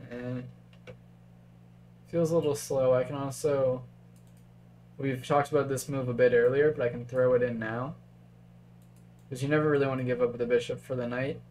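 A male chess commentator chats loosely on a live stream, thinking aloud about candidate moves and answering chat. His ordinary mid-pitched voice is steady and a little mellow, moving at a moderate pace with long pauses, while a faint hum runs underneath.

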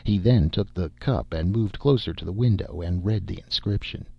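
Deep, gravelly audiobook narrator. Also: male voice, no echo, highs cut off. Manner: steady, measured storytelling.

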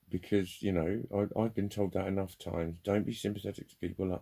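A man's voice: sits low, steady tone, brisk, vocal fry, few pauses, mellow, slightly rough. A man talking in a candid, rambling monologue, swearing freely and joking at his own expense. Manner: rambling, sweary, self-deprecating. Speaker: vlogger.

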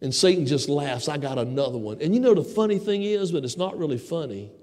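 A man with a high voice preaches a sermon and acts out the voices of the people in his story. His voice rings out with a long church reverb around it. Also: animated, fairly quick, darkish tone. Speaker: pastor. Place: church sanctuary.

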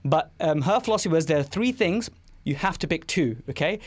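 A man's voice: fairly high pitch, expressive. A man hosting a podcast and talking enthusiastically, often restarting his sentences. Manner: enthusiastic, rapid, with frequent restarts. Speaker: podcast host, dentist. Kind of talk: casual conversational interview.

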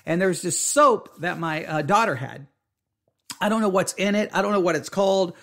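A middle-aged man casually telling a personal story, animated, acting out his own panicked exclamations and often stammering into restarts. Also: sits high, normal speed.

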